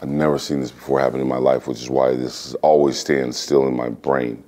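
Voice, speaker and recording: A man in his forties from the United States, an interview guest telling a casual, animated anecdote and acting out other people's lines. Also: extremely low pitch, brisk. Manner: animated storyteller who acts out other people's lines in exaggerated voices. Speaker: interview guest, former fighter.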